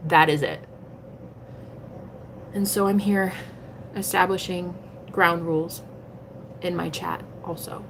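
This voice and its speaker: Low-voiced, blunt-talking woman streamer. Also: fairly bright tone, slight background noise. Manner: blunt and emphatic, swears freely; preachy, motivational. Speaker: livestream tarot reader. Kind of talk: casual livestream monologue.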